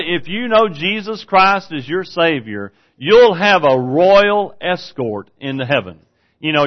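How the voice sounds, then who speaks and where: Male pastor with a high voice, mid-sermon, swings from easygoing storytelling to fired-up bursts, muffled lo-fi sound. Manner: builds from easy storytelling to loud, excited high peaks.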